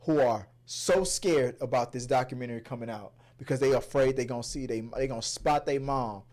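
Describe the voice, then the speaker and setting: A man in his thirties hosting a casual movie review chat, stumbling over and repeating words, breaking into loud laughs. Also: medium pitch, brisk.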